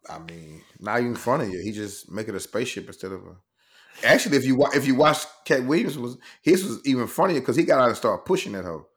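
A man's voice: medium pitch, quick pace. A man co-hosting a podcast, retelling clips with acted-out quotes. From Shreveport, Louisiana. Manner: animated storyteller, acts out quotes, laughs often. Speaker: podcast co-host. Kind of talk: casual chat.

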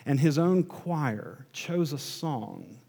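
Slow preacher in a reverberant hall. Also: male voice, fairly high pitch, animated, vocal fry, slightly rough. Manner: slow, emphatic preaching, dropping to a hush at key words. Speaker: pastor. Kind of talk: sermon.

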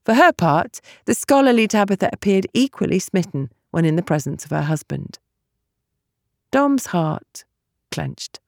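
A woman narrating a novel as an audiobook, with expressive storytelling. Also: medium pitch, gravelly, dry recording, studio quality.

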